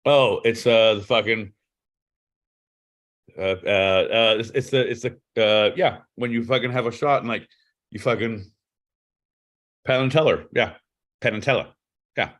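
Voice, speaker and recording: A man's voice: medium pitch, measured pace, pauses often. A man co-hosting a podcast, swearing a lot and teasing his partner in casual comedic banter. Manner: profane, teasing, animated. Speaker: podcast co-host.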